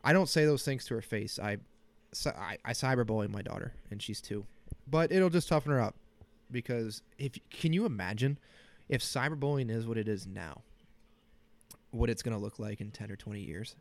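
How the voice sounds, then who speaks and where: A man's voice: mid-range voice, moderate pace. A man in his thirties hosting a casual solo podcast from a small cold home office, joking, self-deprecating and rambling, with a slight sniffle. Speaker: podcast host.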